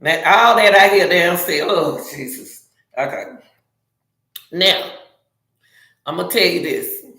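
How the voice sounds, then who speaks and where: A middle-aged woman hosting a casual advice talk, blunt and animated, speaking slowly in her own slang. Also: fairly low pitch, roomy sound, poor audio. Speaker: channel host. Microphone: phone or camera, livestream.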